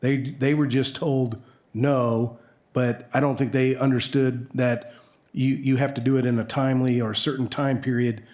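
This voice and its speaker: A council member at a city meeting, speaking slowly and haltingly, restarting his phrases. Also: mid-range voice, flat delivery, a little mellow. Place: council chambers.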